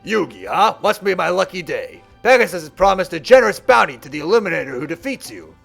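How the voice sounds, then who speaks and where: A man's voice: high voice, big pitch swings, fast talker, gravelly, fairly bright tone, husky, faint music behind, full character voice. A man voicing a mean, hulking male tournament bully who taunts and gloats. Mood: taunting.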